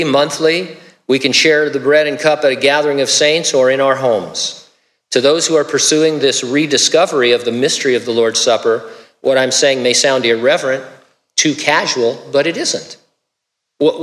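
A man preaching a conversational sermon as a pastor, relaxed, with joking asides and small restarts. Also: medium pitch, long reverb tail.

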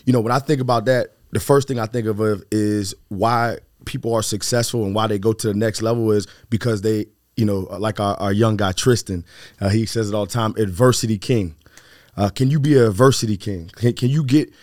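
Co-host dude, former player, stops and restarts a lot, dry close sound. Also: male voice, on the low side, steady tone, darkish tone, dry recording. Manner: halting, restarts phrases. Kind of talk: casual interview chat.

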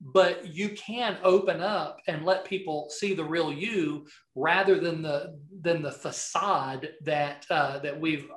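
High-voiced Southern man telling stories. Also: takes it slowly, hardly any pauses, reverberant. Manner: rambling, many restarts, animated anecdotes. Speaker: podcast guest, video marketing coach. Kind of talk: casual interview storytelling.

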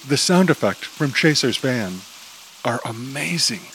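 A man narrating an audio drama in a steady, descriptive storytelling manner. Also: mid-range voice, a little slow, slight background noise, rough recording.

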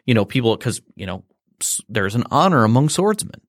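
A man's voice: medium pitch, very animated, fairly quick, no room sound, studio quality. A man explaining a tabletop game system in casual chat, rambling with fillers and restarts.

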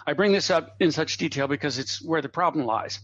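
A man telling a long anecdote as a guest on a podcast, a lively raconteur who drops in asides and chuckles. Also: on the high side, a little fast, no room sound. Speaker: guest comedy writer. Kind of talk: anecdotal storytelling in a podcast interview. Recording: dull, slightly lo-fi dry audio.

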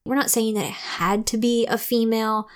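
A woman co-hosting a casual book review chat, animated and playful, laughing often. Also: on the high side, moderate pace, clear, resonant tone. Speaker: podcast co-host, book reviewer.

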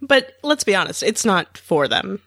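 A podcast co-host in casual chat, wry and quick with a quip. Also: male voice, sits high, very animated, vocal fry, fairly bright tone, no echo.

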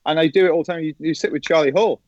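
A middle-aged former pro golfer, appearing as a podcast guest, tells anecdotes rapid-fire in a highish voice, animatedly acting out the voices of people he quotes in casual chat. The recording is dry and slightly dull, lo-fi.

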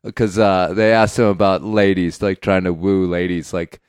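A man hosting a podcast in casual chat, talking loosely with many fillers and quick laughs. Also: low-pitched, level tone, smooth, no echo, clean studio sound. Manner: chatty, laughing, quotes people in put-on voices. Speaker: podcast host.

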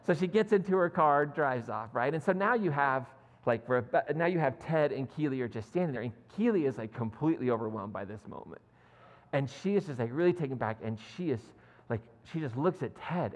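A male pastor delivering a sermon in animated storytelling mode, with self-deprecating asides. His pitch moves widely and expressively. The voice carries a long reverb from a church sanctuary. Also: brisk.

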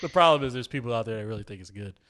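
A man's voice: mid-range voice, expressive, racing, a bit bright. A man co-hosting a casual podcast, speaking in a laid-back, amused way and swearing casually. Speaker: podcast co-host. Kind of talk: casual chat.

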